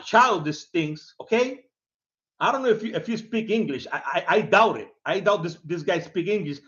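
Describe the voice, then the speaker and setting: A man's voice: sits high, a bit bright, dull audio. A man hosting his own video, mocking a commenter in a casual rant, laughing often and repeating himself with lots of "man". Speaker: video host.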